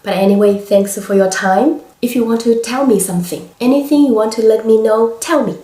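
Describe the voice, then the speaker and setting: Slowly and with frequent pauses and hesitations, a Chinese-accented woman explains a language lesson. Her pitch is a little high and her tone mellow, with a roomy sound.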